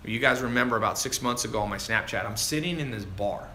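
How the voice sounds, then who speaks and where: A man coaching viewers on a casual livestream, animated and chatty, calling people dude and man as he answers their questions. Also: fairly low pitch, fast talker, a little hiss or hum. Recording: roomy echo with faint ambience.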